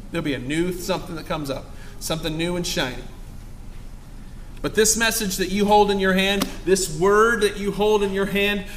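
Male pastor preaching hard, high bright voice, gets loud and emphatic. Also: slight background noise. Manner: fervent, rising to emphatic exclamations. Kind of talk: sermon.

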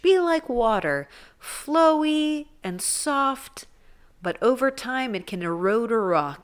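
Young woman podcast host, sarcastic comic storyteller, lively swearing delivery. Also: medium pitch. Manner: animated, sarcastic, swears, jokey asides. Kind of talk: comedic story reading.

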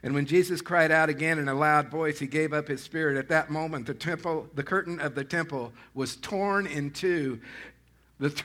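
A man preaching a sermon to his congregation, talking conversationally with restarts and swelling into loud, animated calls to the people by name. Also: fairly high pitch, normal speed. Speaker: pastor.

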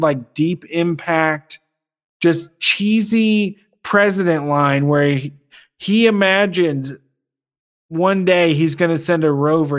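Man, high-pitched, profane, ranting, casual podcast co-host. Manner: profane, ranting, laughing often. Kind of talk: casual chat.

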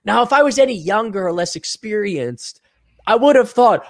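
An American man co-hosting a casual podcast tells stories in an animated way, acting out the voices he quotes. His voice is high-pitched at a moderate pace, recorded in studio quality with no echo.

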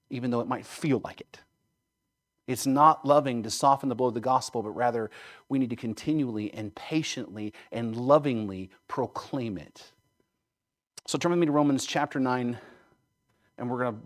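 A man preaching a sermon, earnest and emphatic, repeating phrases for emphasis and checking in with "right?". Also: mid-range voice. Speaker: pastor.

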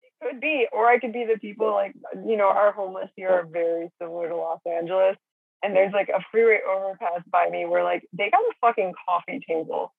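A woman's voice: medium pitch, steady tone, fairly quick, creaky, breathy edge, no echo. A middle-aged woman chatting casually as a caller, swearing and rambling with lots of fillers. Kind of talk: casual chat. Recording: phone line.

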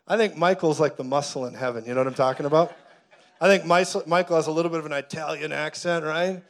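A man preaching a sermon, telling a story dramatically and building to loud, fervent declarations. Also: a little high, fairly even intonation, quick pace. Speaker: pastor.

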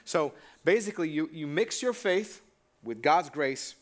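A pastor preaches a conversational sermon in church, casual and direct, regularly turning to the congregation with questions. His voice is on the high side and animated, at a measured pace.

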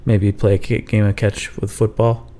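A man co-hosting a comedy podcast, improvising a story in a playful, deadpan way. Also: lowish voice, moderate pace. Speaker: podcast co-host.

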